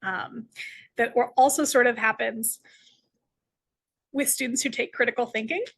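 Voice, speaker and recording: A woman lecturing on philosophy in a bright, fairly high voice. She talks in an explanatory way and keeps checking in with her listeners through short tag questions. The delivery is that of a recorded classroom lecture. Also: fairly even intonation, moderate pace, vocal fry, husky.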